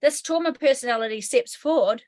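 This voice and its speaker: A woman's voice: a little high, brisk, darkish tone. A woman with a New Zealand accent, a hypnotherapy trainer explaining trauma in an interview, candid and casual, swearing freely. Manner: candid, swears casually, acts out inner voices.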